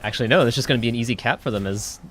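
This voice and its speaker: A man's voice: medium pitch, racing, a bit bright, slight background noise. A man doing color commentary on a live esports match, laid-back and analytical with the odd joke. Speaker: esports co-caster.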